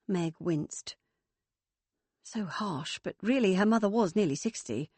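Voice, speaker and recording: A woman narrates a novel in a steady, even storytelling voice at a mid pitch. The sound is close-miked and completely dry, with no room around it. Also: unhurried, slightly rough, no room sound. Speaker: audiobook narrator. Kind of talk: scripted narration.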